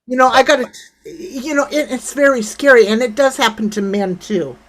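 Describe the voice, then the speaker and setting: A woman's voice: fairly high pitch, normal speed, rough recording. An older woman hosting a casual livestream, blunt and brash, chatting with viewers and reading their comments. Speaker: livestream host.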